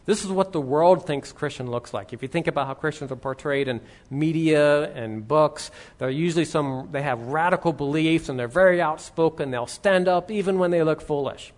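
A man's voice: a little high, normal speed, few pauses. A man preaching a sermon as a pastor, teaching conversationally and reading scripture aloud.

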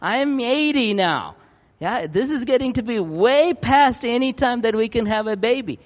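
A preacher playing an old exasperated wife. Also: female voice, a little high, expressive, moderate pace, big-room sound, voice pushed up, lightly acted. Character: aged wife, exasperated, weary of waiting.

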